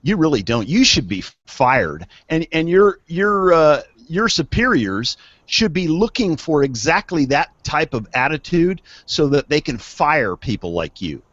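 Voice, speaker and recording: A man's voice: a little high, sing-song, measured pace, few pauses, a bit bright, dry recording. A man co-hosting a casual news chat show, blunt and heated, often stumbling over his words. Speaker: co-host. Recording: dry, dull lo-fi studio sound.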